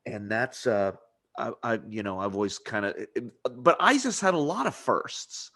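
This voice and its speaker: A man's voice: lowish voice, sing-song, moderate pace, pushed and bright. A man hosting a podcast interview in casual chat, rambling with lots of restarts and frequent laughter. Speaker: podcast host.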